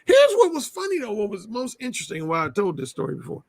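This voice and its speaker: A man's voice: high voice, huge pitch swings, quick pace, gravelly, no echo. A man telling frank, blunt stories as an interview guest in casual conversation.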